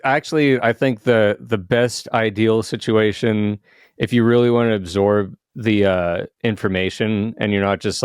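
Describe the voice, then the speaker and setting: A man's voice: on the low side, smooth, no echo, clean studio sound. A man co-hosting a podcast in casual chat, hesitant, with many restarts and fillers. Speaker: podcast co-host.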